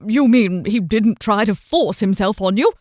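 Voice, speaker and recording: A woman voicing a young noble knight who speaks in a formal, old-fashioned way, slow and apologetic. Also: medium pitch, expressive, dry recording, clean studio sound. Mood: anxious.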